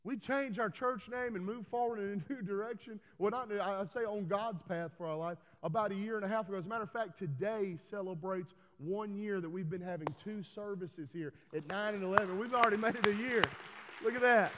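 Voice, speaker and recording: A man preaching a folksy sermon in a church, building to loud, emphatic calls. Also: high voice, a little fast, noisy background. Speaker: pastor. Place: church hall. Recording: reverberant church hall.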